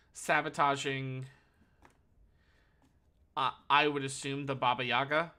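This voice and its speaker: A man's voice: mid-range voice, bright, forceful tone. A man calling a card game tournament solo, analytical and thinking aloud, correcting himself as he goes. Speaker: tournament caster.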